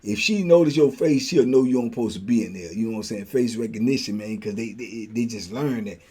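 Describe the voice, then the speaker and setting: Here the older storyteller host speaks fairly quickly in a medium-pitched, slightly rough voice, telling a prison story in relaxed slang. He animatedly voices the characters himself.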